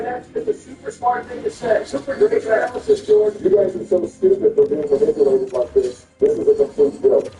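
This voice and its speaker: A man doing a crew of squabbling grown men, swinging wildly up and down in pitch and sitting high for a man as they trade indignant insults over a board game. The voice is dark and mellow, heard from a distance in a roomy space with faint music behind. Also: gravelly, heavily acted.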